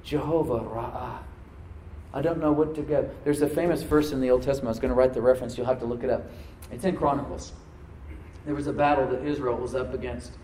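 A man preaches to his congregation in an easy, conversational way, now and then sinking into a soft, prayerful hush. His voice is mellow and a little distant from the mic. The roomy church echo carries every word, with a faint hum of ambience behind him. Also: medium pitch, steady tone, quick pace. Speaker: pastor. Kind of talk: sermon. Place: church sanctuary.

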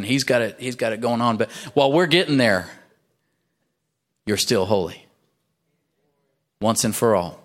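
Man, pastor, emphatic sermon, frequent amens, church. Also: a bit bright. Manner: emphatic preacher, frequent "amen", rises in pitch for emphasis.

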